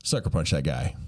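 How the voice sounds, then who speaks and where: A young man with a drawl delivers a comedic storytelling monologue. His pitch swings widely as he builds each joke, and his tone stays folksy and conversational. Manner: folksy, animated, acts out quoted voices.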